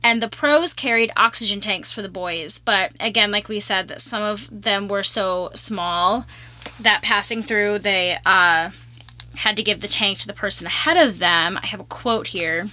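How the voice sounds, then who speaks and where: A woman co-hosting a podcast in casual chat. She talks quickly and swears freely, and she often slips into acting out little scenes. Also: medium pitch, sharp tone. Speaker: podcast co-host.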